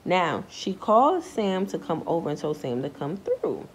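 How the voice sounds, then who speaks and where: Young woman, storytime narration, low voice with lively swings, slangy and animated, faint background hiss. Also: moderate pace, poor audio. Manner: animated, acts out quoted voices in a high pitch; slangy, repeats filler phrases.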